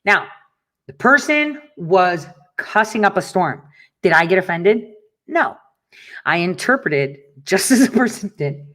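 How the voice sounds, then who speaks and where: A woman's voice: lowish voice, big pitch swings, measured pace, fairly bright tone. Blunt, profane woman host ranting. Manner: blunt and profane, storytelling with laughs. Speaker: talk show host. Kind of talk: casual monologue to listeners.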